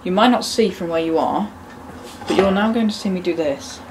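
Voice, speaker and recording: A woman with a slightly low voice talks through a casual cooking demo in her home kitchen. She keeps up a chatty stream of joking, self-mocking asides. Clattering pans and kitchen noise are clearly heard behind her. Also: normal speed. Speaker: cooking video host. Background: cutlery, pots and kitchen ambience.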